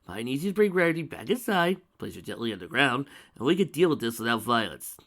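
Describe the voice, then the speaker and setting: A man's voice: medium pitch, big pitch swings, fast, a bit bright, voice pushed up. A man doing earnest young dragon Spike. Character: young male dragon hero, devoted and earnest.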